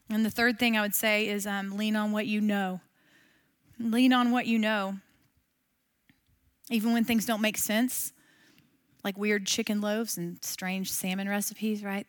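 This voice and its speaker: A middle-aged woman leads a Bible class in an easy, talky manner. She keeps asking her listeners questions, and her voice sits fairly high. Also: a little slow. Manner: conversational, asks the listeners questions. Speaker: Bible teacher. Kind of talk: casual devotional teaching.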